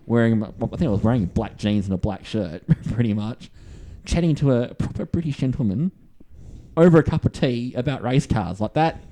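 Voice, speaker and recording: A man's voice: mid-range voice, warm tone. An Australian man from Western Australia, co-hosting a casual podcast and telling rambling stories with acted-out quotes. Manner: rambling storyteller, acts out quoted voices. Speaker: podcast co-host. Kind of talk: casual chat.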